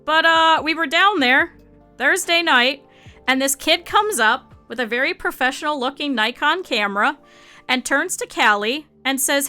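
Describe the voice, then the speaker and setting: A young woman streamer telling a story in a chatty, animated way and laughing often. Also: high-pitched, normal speed, soft background music. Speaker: VTuber streamer. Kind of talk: casual storytelling to stream chat.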